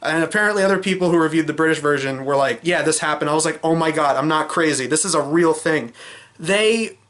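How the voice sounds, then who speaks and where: A man talking through a film in a loose, off-the-cuff review vlog. His voice sits a bit high, and he hedges and restarts as he goes, blunt and fed up with the weak parts. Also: brisk, a bit bright. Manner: rambling, with many fillers and restarts; frank, exasperated criticism.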